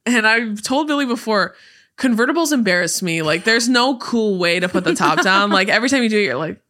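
Bright-voiced young woman chatting, laughing. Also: medium pitch, lively intonation, brisk. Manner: chatty, laughs often, lots of fillers. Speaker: podcast co-host. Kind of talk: casual chat.

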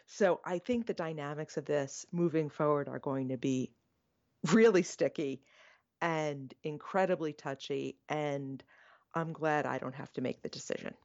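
Podcast co-host, woman, very low voice, animated, slightly dull recording. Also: a little slow. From United States. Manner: animated, self-deprecating, opinionated. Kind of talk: casual chat.

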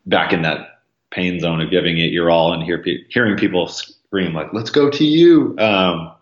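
A marathon runner on a podcast speaks with a fairly bright tone, even intonation, and moderate pace. His casual interview talk rambles with ums and likes, and he jumps in pitch to act out quoted voices; the audio is roomy and slightly dull.

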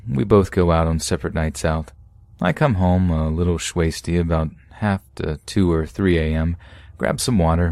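A man narrating true scary stories in a steady first-person reading. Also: low voice, dry recording. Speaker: podcast narrator.

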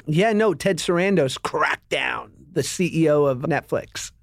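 Man, thirties, podcast co-host, playful, jokey, slightly high voice, dry close mic. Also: lively intonation, creaky, dry recording. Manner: playful, jokey, quick to laugh. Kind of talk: casual comedic chat.

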